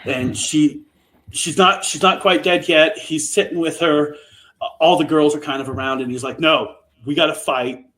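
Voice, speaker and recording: A man hosting a podcast, recapping a book in a casual chat, animated and swearing freely. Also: on the high side, normal speed, rough recording. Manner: animated, profane, full of restarts. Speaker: podcast host.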